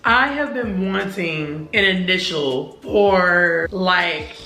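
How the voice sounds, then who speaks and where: A woman's voice: lowish voice, takes it slowly, roomy sound, raised voice, music in the background. A young woman vlogging an unboxing, gushing and slangy, talking straight to her viewers. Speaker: beauty vlogger. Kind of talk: excited unboxing vlog.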